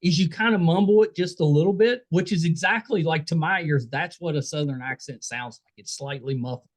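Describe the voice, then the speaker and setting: A man's voice: a little high, fairly quick. A man with a West Virginian accent hosting a podcast, asking short, friendly questions in casual interview chat. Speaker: podcast host.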